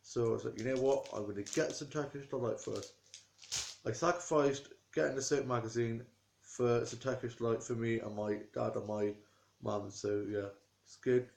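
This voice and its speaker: A man's voice: medium pitch, steady tone, moderate pace, vocal fry, a little mellow, slight background noise. A young man, chatting casually to camera in a rambling, talkative way from indoors at home. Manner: rambling and chatty, with small restarts. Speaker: vlogger. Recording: echoey room.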